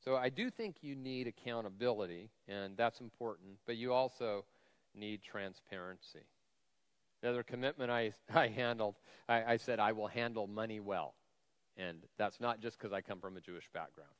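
A man's voice: lowish voice, normal speed, smooth. A male lead pastor giving a conversational sermon with a slightly whiny voice, self-deprecating humor and frequent fillers. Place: church sanctuary. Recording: long hall reverb.

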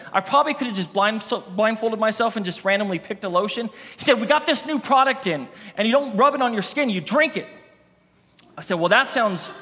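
A man's voice: high voice, pushed and bright. A man in his thirties, a campus pastor, preaching a sermon and telling a funny personal story, acting out the dialogue. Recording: long hall reverb.

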